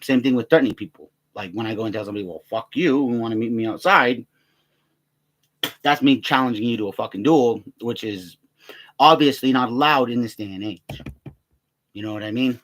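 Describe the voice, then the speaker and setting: A man's voice: medium pitch, quick pace. Profane rambling man ranting casually. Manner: profane, rambling, quotes others in raised voices. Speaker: vlogger. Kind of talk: casual rant to camera.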